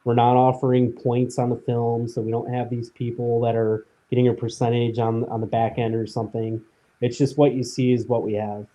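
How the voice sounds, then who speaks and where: A man's voice: medium pitch, moderate pace, poor audio. A man and indie filmmaker talking plainly in a casual live chat, with frequent restarts. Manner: relaxed, matter-of-fact, talks in short restarts.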